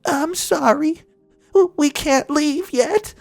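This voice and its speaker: A man's voice: very high voice, takes it slowly, creaky, faint music behind, voice pushed up, full character voice. A man voicing an upset, tearful young woman with a small, pleading voice.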